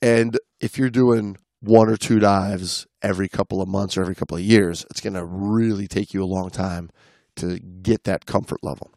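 Gravelly guy reading a story on a podcast then riffing, low voice. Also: fairly even intonation, moderate pace, a little mellow, dry recording. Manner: reads then riffs and explains at length. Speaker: podcast co-host, story reader. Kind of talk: reading a dive story with chat.

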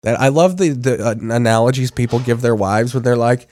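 A male podcast host mocks what he's watching in crude commentary thick with swearing. His pitch sits mid-range. The sound is close and dry, with no room around it. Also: a little fast, hardly any pauses, darkish tone, no room sound. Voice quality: mocking and crude, heavy swearing. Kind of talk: casual profane commentary. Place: studio in a large city.

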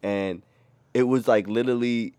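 A young man co-hosting a casual podcast, telling a rowdy story with lots of profanity and loud acted-out quotes. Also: medium pitch, normal speed, clear, resonant tone, dry recording. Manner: animated, profane, acts out quotes in a raised voice. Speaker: podcast co-host.

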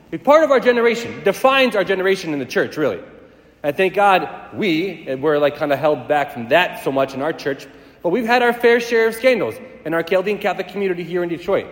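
Fast-talking priest preaching in an echoey church. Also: male voice, high voice, expressive. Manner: fast-talking, emphatic, rising to intensity. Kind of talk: sermon. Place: large church hall. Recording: echoey church hall with long reverb.

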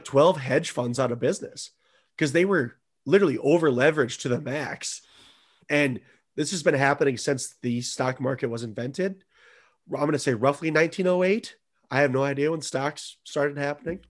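A man chats casually. He talks in an animated, mocking way and swears freely. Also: mid-range voice, normal speed. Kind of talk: casual chat.

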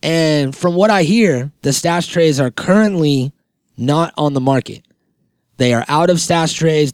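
A man hosting a podcast, rambling and joking through sponsor reads while high, laughing mid-sentence. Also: no echo, clean studio sound. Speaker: podcast host. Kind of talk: casual podcast chat reading sponsor spots.

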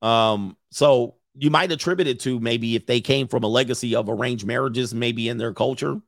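A man's voice: medium pitch, normal speed, no room sound. Man, middle-aged, casual stream host, blunt and opinionated, rambling, dry close sound. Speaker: host reading viewer comments. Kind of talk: casual live-stream commentary.

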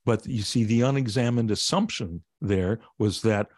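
Low-voiced man, plain-spoken teacher. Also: moderate pace, few pauses, no room sound, studio quality. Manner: plain-spoken, gently humorous explaining. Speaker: meditation teacher and author, guest. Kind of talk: conversational podcast interview.

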